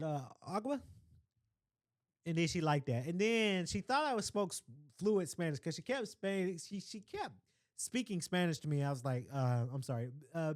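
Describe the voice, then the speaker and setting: A young man with a fairly high voice rambles through a casual story, tossing in asides and shout-outs as he goes. He talks like a relaxed podcast host, and the recording is close and dry. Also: no echo. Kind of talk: casual chat.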